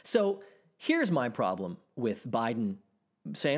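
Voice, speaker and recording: A man's voice: mid-range voice, moderate pace. Solo podcast host, thirties man, swears freely, voice swings up and down a lot. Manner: animated, profane ranting.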